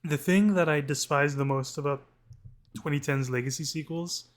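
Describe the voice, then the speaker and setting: A man's voice: a little high, moderate pace. A man co-hosting a movie podcast, ranting casually with lots of restarts. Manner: ranting, animated, frequent restarts. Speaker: podcast co-host.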